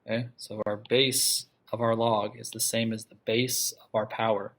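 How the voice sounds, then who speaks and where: Here a math teacher speaks in a lowish, fairly bright voice at normal speed and an even tone. Lecturing his class, he breaks things down step by step, pauses often to ask "okay?" so students stay with him, puts questions to them and restates the central ideas.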